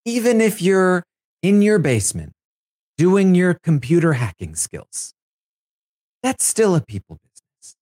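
A man's voice: high-pitched, measured pace, pauses often, no echo, studio quality. A man giving a casual, sarcastic recap of a reality show as a podcast correspondent. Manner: animated, sarcastic storytelling.

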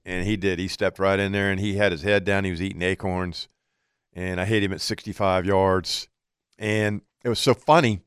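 A man's voice: low-pitched, normal speed, clean tone, dry recording, clean studio sound. A man telling a hunting story in casual chat, acting out what he and his buddy said. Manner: animated storyteller, quotes himself and others.

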